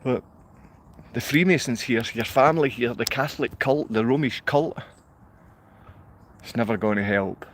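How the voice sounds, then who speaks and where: A man's voice: mid-range voice, moderate pace, pauses often. A Scottish man ranting in a rambling monologue to a live online audience. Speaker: livestreamer.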